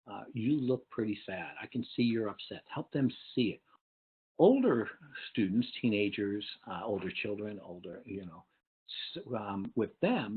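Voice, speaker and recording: Male webinar presenter, lowish husky voice, patient explainer who keeps asking "okay?", heard over a thin phone-like line. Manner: explains with frequent "okay?" check-ins. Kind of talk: lecture on parenting and teaching. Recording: tinny phone-like online webinar audio.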